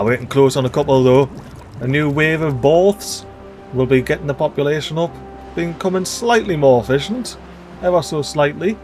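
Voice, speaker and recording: Chatty guy playing a game, kinda high voice, faint music behind. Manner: chatty, excitable, jokey asides to the game characters. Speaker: let's play host. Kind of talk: casual gameplay commentary.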